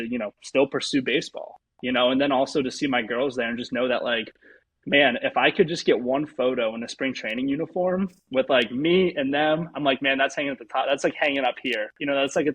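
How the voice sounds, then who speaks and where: A young man, a pro baseball pitcher, telling a personal story as an interview guest, rambling with lots of fillers. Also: a bit bright, slightly rough, no room sound, low-quality recording.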